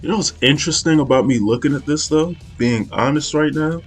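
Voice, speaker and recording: A man's voice: fairly high pitch, a little fast, hardly any pauses, breathy edge, soft background music. A young man casually talking through an art study, rambling and hesitant, with many fillers and restarts. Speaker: art channel host.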